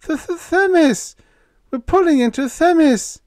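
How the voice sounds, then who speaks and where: Man voicing a panicky young spaceman, stammering, voice jumps high, lively, dry close sound. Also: unhurried, clean tone, dry recording. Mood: panicked. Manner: stutters, high and strained.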